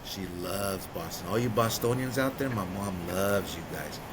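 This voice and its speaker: A man earnestly telling his personal story of recovery in a conversation, going quiet at the heavy parts. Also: a little slow. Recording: vehicle rumble behind.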